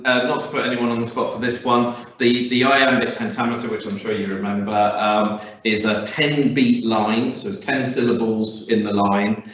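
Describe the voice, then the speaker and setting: A man's voice: lowish voice, fairly bright tone, muffled recording, a little hiss or hum. A male teacher leading a classroom lesson, encouraging and questioning students, with many fillers. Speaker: English teacher. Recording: echoey classroom, far from mic.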